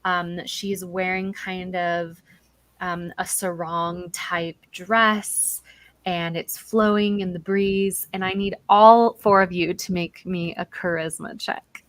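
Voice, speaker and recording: A woman's voice: lowish voice, fairly even intonation, slow, no room sound. A woman narrating as dungeon master in a casual, chatty way with plenty of fillers. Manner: chatty, lots of fillers and likes. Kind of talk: narrating a tabletop game.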